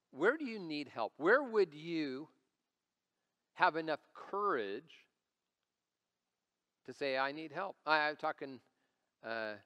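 With a mid-range voice that's sharp and clean, a man in his forties preaches as lead pastor. The sermon, recorded live in a church sanctuary with hall reverb, is relaxed and story-driven, with jokes at his own expense.

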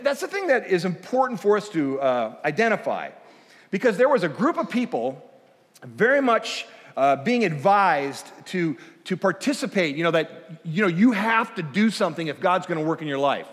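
A man giving a conversational guest sermon, animated and self-deprecating, acting out dialogue as he tells a story. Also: high-pitched, long reverb tail. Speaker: guest speaker. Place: church auditorium.

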